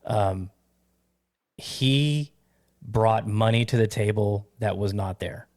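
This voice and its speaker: A man with a lowish voice hosts a casual golf chat, animated and playful as he builds up to his hot takes. The sound is dry and close. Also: takes it slowly, no echo. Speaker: podcast host.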